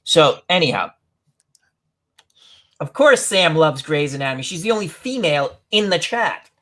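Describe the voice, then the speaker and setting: A man's voice: on the high side, very animated, moderate pace, fairly bright tone. Rambling, giggly male chat host. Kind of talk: casual chat.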